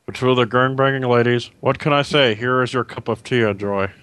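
A man's voice: mid-range voice, steady tone, fairly quick, noisy background. A man bantering jokingly as a podcast co-host in casual comedy chat. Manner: joking, playful.

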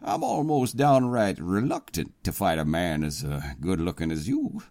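Gravelly man playing a swaggering president. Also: low-pitched, huge pitch swings, normal speed, darkish tone, dry recording. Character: gruff swaggering older male president. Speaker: comedy podcast co-host. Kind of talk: comic dramatic reading.

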